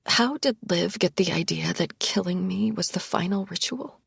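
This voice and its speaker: Husky woman narrating a thriller. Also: lowish voice, moderate pace, fairly bright tone, dry recording, studio quality. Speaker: audiobook narrator. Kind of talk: first-person thriller narration.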